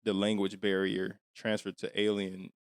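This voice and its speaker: A man's voice: sits low, monotone, normal speed, no room sound, studio quality. A man co-hosting a podcast in casual chat, talking in a skeptical, questioning, conspiratorial way. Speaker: podcast co-host.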